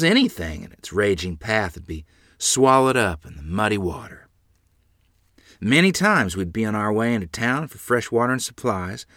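A man's voice: fairly low pitch, a bit bright, no room sound, clean studio sound. A man narrating a family memoir with dramatic, vivid emphasis. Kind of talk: storytelling memoir reading.

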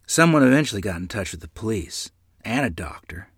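A man narrating a memoir in the first person with a dramatic, expressive delivery. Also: fairly low pitch, a little fast, slightly rough, no echo, clean studio sound.

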